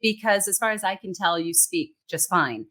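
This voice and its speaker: A woman's voice: medium pitch, moderate pace, fairly bright tone. A woman from Central California with a Californian accent, speaking passionately and emphatically as an interview guest. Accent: Californian American English. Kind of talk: interview conversation.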